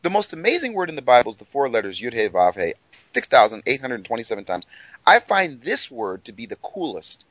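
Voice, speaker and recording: A man's voice: medium pitch, big pitch swings, brisk, a bit bright, no room sound, low-quality recording. A man co-presenting a radio Bible discussion, talking enthusiastically and laughing often.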